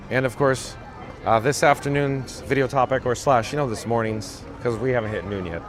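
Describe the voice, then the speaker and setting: A man's voice: mid-range voice, expressive, brisk, fairly bright tone, soft background music. A man hosting a live stream outdoors on a handheld phone, chatting in a rambling way, jumping between tangents and reading out viewer comments. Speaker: live-stream vlogger, channel host. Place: outdoors at a theme park parade route.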